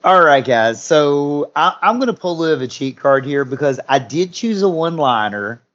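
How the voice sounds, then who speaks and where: A man's voice: fairly high pitch, expressive, moderate pace, a bit bright, highs cut off. A man co-hosting a casual podcast chat, chatty and self-deprecating, often tripping over his words. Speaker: podcast co-host.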